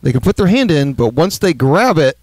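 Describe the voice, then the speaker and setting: A man's voice: on the high side, big pitch swings, brisk, a little mellow, no room sound. A man co-hosting a podcast, chatting casually and telling a tour story with asides. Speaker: podcast co-host, band member.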